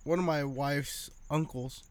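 A man with a slightly higher voice than most, telling a story with lots of swearing. He acts out each person's lines as he goes, in a loose, casual chat. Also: a little slow, no echo. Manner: profane animated storytelling.

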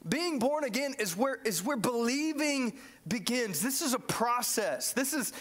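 A man preaching a sermon in a church, animated and joking, often restarting his sentences. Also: extremely high pitch, unhurried. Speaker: pastor.

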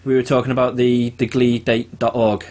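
A man co-hosting a casual podcast, talking in a relaxed way with lots of ums and uhs. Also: medium pitch, brisk. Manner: relaxed, filler-heavy, laughs at jokes. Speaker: podcast co-host. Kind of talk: casual chat.

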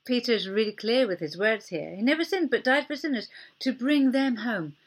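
Husky-voiced woman preaching gently. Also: fairly high pitch, lively intonation, moderate pace. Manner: gentle, conversational, drops to near whispers. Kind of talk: sermon.

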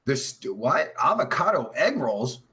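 The same kind of crude podcast chat comes from a man whose voice is medium in pitch, with big swings, delivered unhurriedly. Congested and constantly profane, he jokes through viewer comments, shifting between shouting and mumbling.

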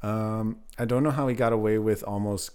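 A man's voice: fairly low pitch, steady tone, moderate pace, a little mellow, clear, resonant tone. A man co-hosting a casual movie review podcast, joking and acting out mock quotes between fillers. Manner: jokey, acts out mock quotes, trails off with fillers. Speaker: podcast co-host.

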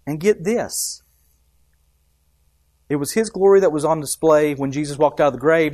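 A man's voice: on the high side, measured pace, a little mellow, dry recording. Emphatic preaching man, dry sound. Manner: emphatic preaching, rising and dropping for effect; asks the congregation questions. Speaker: pastor. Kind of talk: sermon.

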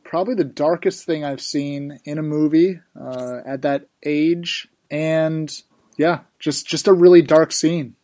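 A man's voice: on the high side, steady tone, measured pace, dark tone. A man hosting a casual podcast, upbeat and teasing. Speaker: podcast host. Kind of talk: casual chat.

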